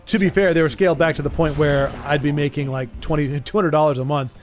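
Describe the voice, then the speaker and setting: A man streaming a card game and chatting over a call. His voice sits a bit high. He rambles, restarts often and makes self-deprecating jokes, with quiet game music playing under him. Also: fairly even intonation, fast. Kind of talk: casual chat while gaming.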